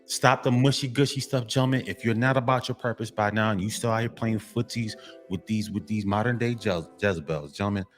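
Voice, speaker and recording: Faint music plays behind this brisk, lowish-voiced man, a vlogger who makes motivational content for men. His talk is blunt and repetitive, a lecture in which he half-censors the swearing and keeps calling out to "gentlemen."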